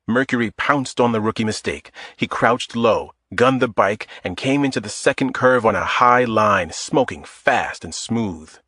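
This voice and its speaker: A man narrating a thriller audiobook in a measured, steady way. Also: on the low side, no room sound, studio quality.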